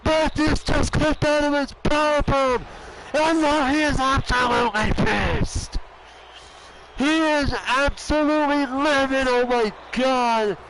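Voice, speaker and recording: A young man with a high voice does wrestling play-by-play. He talks at an unhurried pace but gets animated and swears freely. A faint hiss runs under the recording. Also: poor audio. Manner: animated, swearing, shouting at big moments. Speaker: commentator. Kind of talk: excited wrestling play-by-play commentary.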